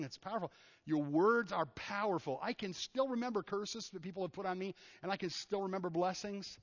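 A man's voice: high voice, brisk. Casual preaching man in echoey hall. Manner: casual, animated, acts out quoted people. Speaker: pastor. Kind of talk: conversational sermon. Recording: muffled sound in a reverberant hall.

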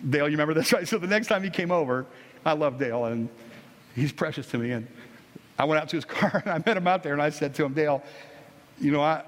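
A middle-aged man preaches in a relaxed, folksy manner, stumbling over restarts as he tells a family story. His voice sits a little high for a man. The sanctuary adds a long, trailing reverb. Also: fast. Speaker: pastor. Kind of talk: sermon. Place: church sanctuary.

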